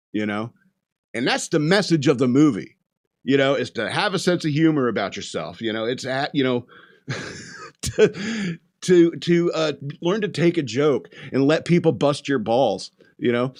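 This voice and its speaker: A man's voice: mid-range voice, lively intonation, a little slow, a little mellow. A man hosting a podcast, casually retelling a movie in a rambling way, laughing often and acting out quotes. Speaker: podcast host. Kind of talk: casual movie review rant.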